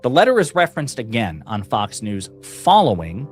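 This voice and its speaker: A man's voice: mid-range voice, huge pitch swings, moderate pace, faint music behind. A man co-hosting a stream, setting up clips with dry, cutting commentary. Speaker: co-host introducing clips. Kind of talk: casual political commentary.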